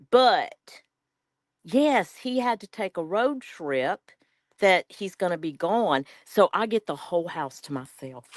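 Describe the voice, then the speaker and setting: A woman's voice: medium pitch, no echo. A woman with a Southern US accent hosting a live crafting stream, chatting casually and folksily with viewers as she works and reads their comments.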